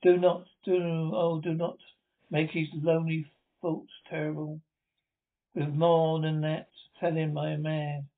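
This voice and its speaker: A man's voice: a little high, monotone, a little slow. A man reading a frantic young woman. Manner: pleading, exclaiming loudly. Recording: tinny lo-fi recording.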